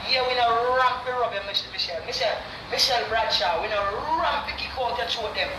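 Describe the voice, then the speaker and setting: A woman's voice: on the high side, quick pace. A Jamaican woman in an angry, insulting rant, cursing and repeating herself. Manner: cursing, repetitive, heated. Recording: distant echoey noisy live-stream audio.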